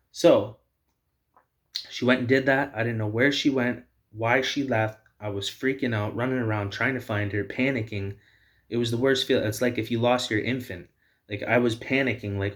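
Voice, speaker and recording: A man hosting a video, delivering heated, repetitive personal commentary. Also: lowish voice. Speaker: video host.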